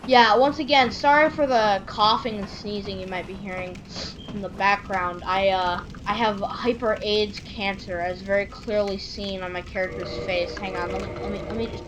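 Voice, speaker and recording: A woman's voice: medium pitch, fairly even intonation, normal speed, noisy background. A woman from Michigan hosting a casual let's-play, rambling and joking as she plays. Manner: rambling, joking, laughs often. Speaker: gaming channel host.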